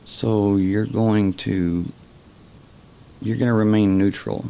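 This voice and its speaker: A man hosting a casual explanatory monologue, talking slowly and haltingly, often repeating words. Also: on the low side, steady tone, gravelly, mellow, clean tone. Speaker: host.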